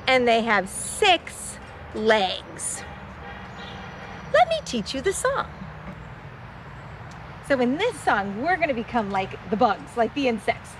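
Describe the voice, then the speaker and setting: A woman's voice: on the high side, very animated, slow, pauses often, a bit bright, slight background noise. A young adult woman, a nature educator, explaining insect body parts to children in a friendly teacherly way.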